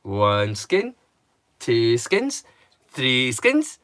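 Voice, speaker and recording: A man's voice: mid-range voice, wildly swooping pitch, very slow, a bit bright, no room sound. A man from Europe, hosting a live watch-along stream and rambling casually to his viewers. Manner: rambling and chatty.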